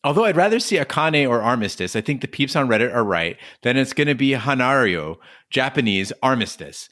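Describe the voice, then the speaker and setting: A man's voice: medium pitch, very animated, fairly quick, a bit bright, dry recording, studio quality. A man hosting a podcast, reading listener emails aloud with a wry, casual delivery.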